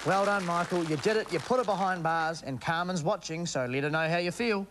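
A man's voice: high voice, fairly quick, noisy background. A man hosting a game show, cheering and urging a contestant on. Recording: TV studio with audience and music.

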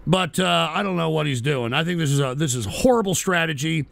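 A man hosting a politics livestream, talking bluntly and profanely in a casual rant that erupts into shouting. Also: on the high side, lively intonation, fairly quick, creaky, dry recording. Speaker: host of a call-in politics show.

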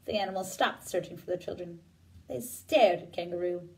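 A woman librarian reading a children's story aloud, gentle and expressive. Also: lowish voice, moderate pace, far from the mic, rough recording. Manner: gentle, expressive, sing-song.

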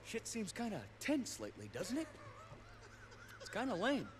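A man's voice: high voice, wildly swooping pitch, moderate pace, background noise. An actor playing a brash, crude male biker gang leader in a video game cutscene, swaggering and preachy. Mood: coaxing.

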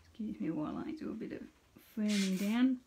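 A woman's voice: medium pitch, animated, brisk, dark tone, slight background noise. A middle-aged woman hosting a casual live card-making demonstration. She chats with viewers by name and narrates each step aloud.

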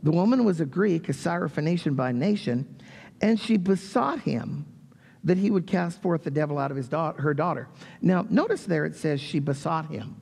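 A man preaches in a church, his voice high and husky with a gravelly edge. He swings through a wide, lively pitch range as he reads scripture and acts out the story. A long reverb trails his words around the sanctuary. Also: normal speed. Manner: reads scripture, then animated retelling with raised voice for quotes. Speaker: pastor. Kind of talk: sermon.

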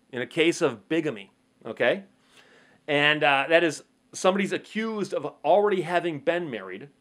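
Man, slightly high voice, easygoing legal explainer who acts out courtroom back-and-forth. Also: fairly bright tone. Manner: conversational, poses rhetorical questions, acts out courtroom exchanges. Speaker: legal commentator. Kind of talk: explanatory monologue to camera.

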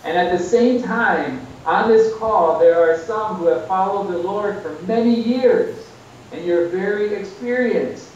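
An earnest man preaches over a video call, his voice pitched in a middle range and rising now and then for emphasis. He sounds far from the mic in a very echoey room. The audio is dull and muffled, with a faint rumble underneath. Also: measured pace, darkish tone. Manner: earnest, exhorting, with rises for emphasis.

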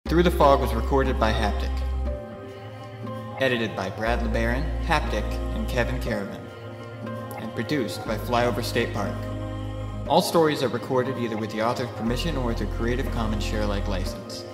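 A podcast host reading a scripted outro in an even, announcer-like way. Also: male voice, mid-range voice, normal speed. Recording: roomy reverb over loud music.

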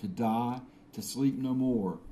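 A man's voice: mid-range voice, takes it slowly, warm tone, a little hiss or hum, lightly acted. A man putting on a grand English-accented Hamlet. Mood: solemn. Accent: put-on English. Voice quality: theatrical, self-consciously grand. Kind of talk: dramatic recitation.

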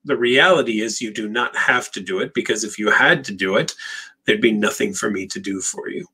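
Man, therapist hosting live Q&A, bright husky voice, direct and emphatic, repeats words. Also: lowish voice, fairly quick. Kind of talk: live Q&A answering viewer questions.

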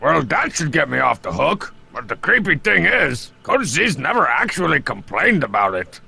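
A man voicing a brash, cocky masked wrestler in a game, with a raspy, gravelly voice and a sarcastic, scheming manner. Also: a little high, very animated, moderate pace, pushed and bright, exaggerated voice. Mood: prank calling.

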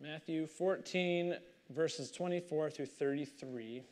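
Man preaching a lively sermon. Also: on the high side, slow pace. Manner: animated storytelling, reads scripture then comments conversationally. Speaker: pastor. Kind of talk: sermon with scripture reading.

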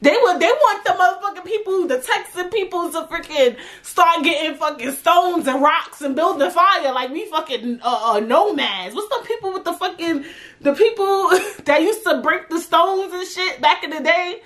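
A woman's voice: very high-pitched, lively intonation, normal speed, fairly bright tone. A young woman hosting her own podcast, ranting casually and profanely, repeating lines for emphasis. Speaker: podcast host. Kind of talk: casual rant.

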